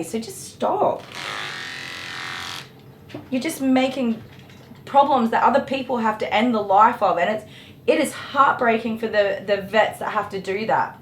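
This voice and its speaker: A woman's voice: fairly high pitch, animated, brisk. A woman, a dog groomer chatting casually while she grooms, getting passionate and worked up as she talks, with mild swearing. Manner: passionate, ranting, swears mildly. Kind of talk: casual chat while grooming on a live stream. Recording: echoey room with electric clipper noise.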